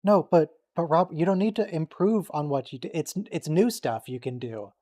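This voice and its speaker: A man hosting a casual watch-along stream, joking and quickly reacting to what's on screen and teasing his friends. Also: a little high, animated, mellow. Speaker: stream host.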